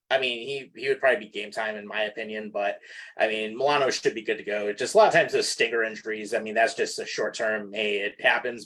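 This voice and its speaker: A man's voice: lowish voice, fairly bright tone, poor audio. A man hosting a casual sports podcast, rambling along with many "I mean" fillers. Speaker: podcast host.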